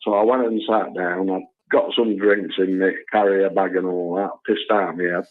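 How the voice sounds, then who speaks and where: A man with a low voice and fairly even intonation speaks at a moderate pace on a tinny phone line. As a call-in show caller he tells a chatty, rambling anecdote, filling it with tags such as "you know" and "and all that."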